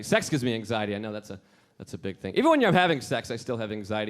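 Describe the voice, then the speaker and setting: A young man performing a stand-up set on a club stage, telling stories in a dry, deadpan way with acted-out quotes. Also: medium pitch. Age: young adult. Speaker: stand-up comedian. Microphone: handheld stage mic. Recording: live club recording with crowd noise. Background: audience laughter.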